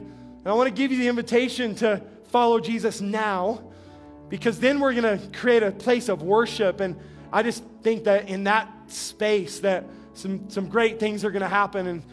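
A pastor from New Mexico delivering a sermon in a high, light voice. He talks conversationally, stumbling and repeating words, then slows to an earnest tone. Gentle music plays softly behind him.

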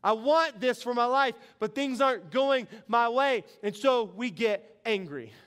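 Middle-aged guy preaching, real high voice, talks like he's just chatting and telling stories. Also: lively intonation, a little slow, a bit bright, smooth. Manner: earnest, conversational preaching with storytelling. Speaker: pastor. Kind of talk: sermon.

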